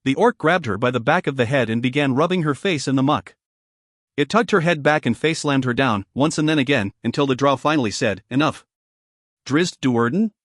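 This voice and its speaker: A man narrating a fantasy audiobook in a dramatic, steady storytelling manner. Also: mid-range voice, fairly quick, no echo, studio quality.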